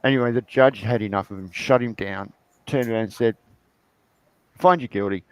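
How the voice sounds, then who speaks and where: A man's voice: medium pitch, fairly quick, clear, resonant tone, no echo, low-quality recording. A man, tired after a night shift, chatting casually on a video call and acting out people in his stories. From Australia. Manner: animated storyteller acting out courtroom voices. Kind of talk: casual chat.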